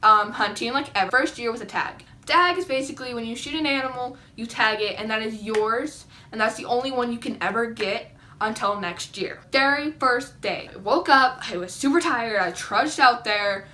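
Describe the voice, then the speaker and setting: A young woman vlogging to camera, telling a story in a chatty, excitable way with lots of "like" and dramatic reactions. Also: fairly high pitch, normal speed, a little hiss or hum. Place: indoors at home, seated.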